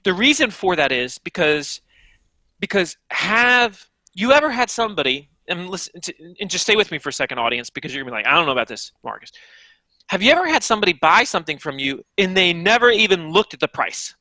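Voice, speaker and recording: A man being interviewed as an author and guest answers with animated, emphatic energy, addressing the audience directly. His voice is high-pitched and brisk, with no room sound in the recording.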